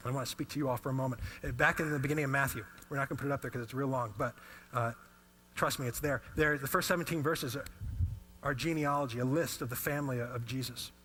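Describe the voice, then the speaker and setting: A man in his thirties preaching a sermon as a pastor, telling personal stories in an animated way. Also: mid-range voice, quick pace, slight background noise. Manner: animated storytelling.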